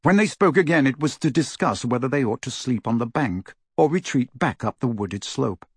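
Narrating an audiobook, a man tells the story expressively at a moderate pace. His medium-pitched voice is slightly rough, and the dry recording has studio quality.

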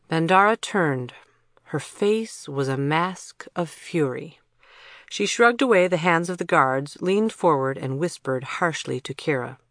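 An audiobook narrator reading a story in an even, steady way. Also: mid-range voice, unhurried, dry recording, studio quality.

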